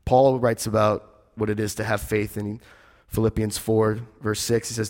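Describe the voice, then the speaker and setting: A male pastor preaching a conversational sermon, telling the story with animation and dropping quiet for emphasis. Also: on the low side, little pitch movement, moderate pace, big-room sound.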